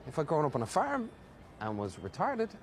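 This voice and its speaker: An actor playing a bored, scornful young tourist from Dublin, speaking with a Dublin Irish accent in sarcastic film dialogue. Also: male voice, a little high, huge pitch swings, normal speed, gravelly, a little hiss or hum, full character voice. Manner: sarcastic, complaining.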